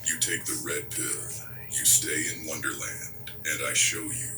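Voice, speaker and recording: A synthesized deep male voice, bassy and talking slowly in an ominous tone, played back from a distance. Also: fairly even intonation, music in the background. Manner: slow ominous delivery. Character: deep slow AI-generated male voice. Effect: text-to-speech voice clone.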